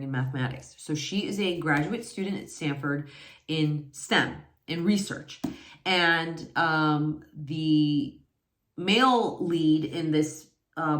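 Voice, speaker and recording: Woman in her forties, low voice, slow unhurried talk, chatty and rambling, echoey room. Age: 40s. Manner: chatty, rambling, lots of fillers and self-corrections. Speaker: book reviewer. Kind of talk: casual book review chat.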